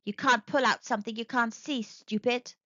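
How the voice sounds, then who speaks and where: A woman's voice: on the high side, fairly even intonation, moderate pace, bright, forceful tone, no echo, highs cut off. A woman doing a sneering little robot fruit fiend. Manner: sneering, rude.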